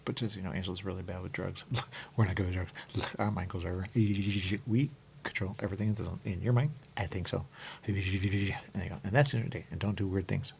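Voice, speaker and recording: The speaker is a male radio show host with a low, gravelly voice, fairly even intonation, and a brisk delivery, recorded with a noisy background. His monologue wanders and repeats, looping on phrases and sliding into sing-song murmurs, with "there you go" coming up constantly.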